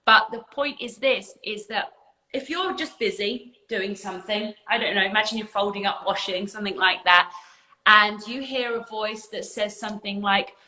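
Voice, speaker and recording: A woman's voice: medium pitch, moderate pace, bright, forceful tone, poor audio. A woman spiritual coach giving an emphatic, earnest talk on a livestream and swearing casually at times. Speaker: spiritual coach and community leader.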